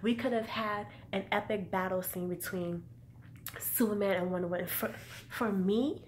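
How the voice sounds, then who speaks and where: A woman giving a casual spoken film review, excitable and profane, often exclaiming and acting out scenes. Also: medium pitch, normal speed, slight background noise. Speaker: movie reviewer.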